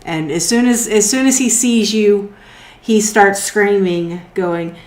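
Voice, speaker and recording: A woman narrating as game master of a tabletop game, slow and hesitant with fillers. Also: medium pitch, a little mellow. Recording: roomy echo.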